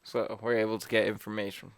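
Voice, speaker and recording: A man's voice: fairly low pitch, little pitch movement, fast, creaky, no echo. Easygoing young man, casual chat. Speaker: podcast co-host. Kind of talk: casual chat among friends.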